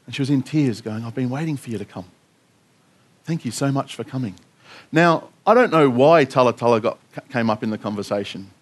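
A man speaking as a pastor, giving an earnest sermon testimony, telling a story with frequent restarts. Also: mid-range voice.

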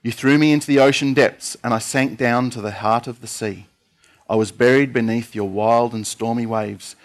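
A man's voice: medium pitch, fairly even intonation, normal speed, lightly acted. A man voicing a prophet's earnest prayer of distress, reading it aloud in a fairly plain voice.

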